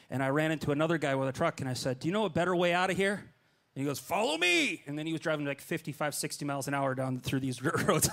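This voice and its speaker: A middle-aged man preaching, telling a long personal story in a lively way and acting out his own lines. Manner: animated, acts out his own lines with jumps in pitch. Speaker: pastor. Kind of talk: storytelling sermon.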